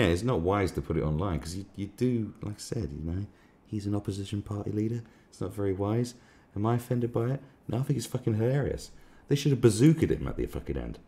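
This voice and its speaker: A man's voice: fairly low pitch, mellow. A man hosting a live stream, ranting sarcastically and swearing a lot in casual commentary. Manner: crude, sarcastic, swears often.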